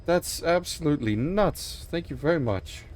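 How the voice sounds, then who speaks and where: A man's voice: fairly high pitch, expressive, normal speed, a little mellow, a little hiss or hum. A man streaming a video game, talking casually in a rambling, emphatic way, swearing often and sounding emotionally choked up. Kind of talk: casual livestream commentary.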